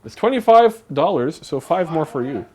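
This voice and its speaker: A man's voice: a little high, very animated, normal speed, a little mellow. A man co-hosting a live stream from a home kitchen, chatting casually while he cooks and thanks viewers for donations. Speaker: streamer co-host.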